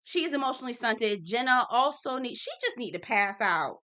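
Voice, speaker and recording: Young woman, TV recap host, bright forceful tone, gossipy and blunt. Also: fairly high pitch, lively intonation, normal speed. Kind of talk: casual commentary.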